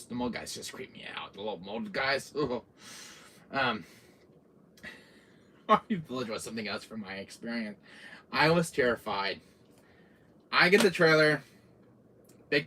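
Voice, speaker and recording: A man rambling about horror games on his own gaming channel, his voice very bright and sharp-edged, with pitch that swings widely. He jumps into acted-out bits and drops to whispers as he tells it, swearing casually along the way. A faint hiss sits under his voice. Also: recorded from a distance. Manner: animated, acts out scenes in voices and whispers.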